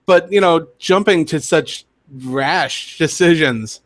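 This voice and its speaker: A man co-hosting a sports podcast, calmly adding facts and context in casual chat. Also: on the high side, no room sound. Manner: quick, measured, corrects and adds facts. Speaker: podcast co-host.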